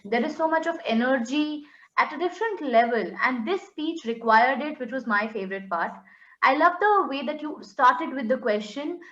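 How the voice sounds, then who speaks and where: A woman serving as general evaluator at a club meeting, giving warm, encouraging feedback over a video call. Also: high voice, echoey room, muffled recording.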